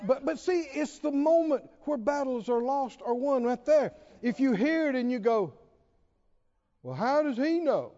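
A man preaching a sermon, retelling a story dramatically with laughs and shouted exhortations. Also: extremely high pitch, moderate pace, few pauses. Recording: dull sound with long hall reverb.

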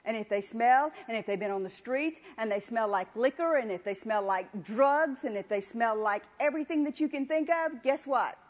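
A woman's voice: on the high side, moderate pace, few pauses. A woman preaching a sermon with emphatic repetition, calling on the congregation to answer. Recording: dull lo-fi recording.

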